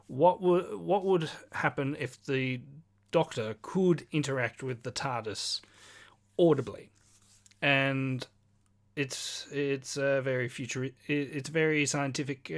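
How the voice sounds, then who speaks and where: A podcast co-host in casual pop-culture chat, dropping dry joking asides. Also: mid-range voice.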